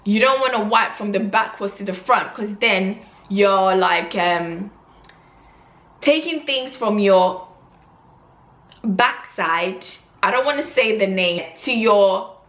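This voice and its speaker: A young woman vlogger telling an embarrassing story in an animated way, acting out the scene. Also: mid-range voice, takes it slowly, roomy sound. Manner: animated storytelling with loud gasping reenactments. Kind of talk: storytime vlog.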